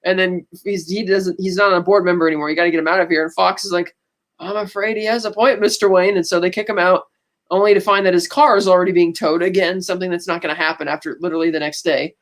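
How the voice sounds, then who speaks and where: A woman's voice: on the low side, fairly even intonation, fast talker. Podcast lady chatting thru a movie recap, offhand quotes, easygoing. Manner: retells a film plot, breezily quoting characters. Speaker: podcast co-host. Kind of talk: casual chat.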